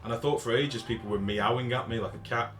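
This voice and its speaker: A man's voice: mid-range voice, fast talker, fairly bright tone. An English man chatting casually while live-streaming a game, swearing freely and reading out chat messages. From England.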